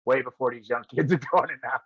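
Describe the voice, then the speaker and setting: A man's voice: medium pitch, fast talker, slightly rough, no echo. A man, a wrestling guest, telling old road stories in casual chat and laughing often as he goes. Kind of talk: casual storytelling. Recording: dull, lo-fi sound.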